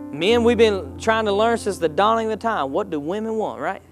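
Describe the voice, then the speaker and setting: A man's voice: high-pitched, expressive, fairly quick, few pauses, faint music behind. A man preaching a sermon as pastor, calling out to the congregation and building in intensity. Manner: call-and-response preaching, rising in intensity.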